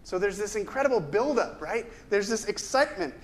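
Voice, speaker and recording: A man's voice: high-pitched, lively intonation, brisk. A man preaching a sermon in a conversational way, asking rhetorical questions and sometimes repeating his words. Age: adult with a ten-year-old son. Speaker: pastor.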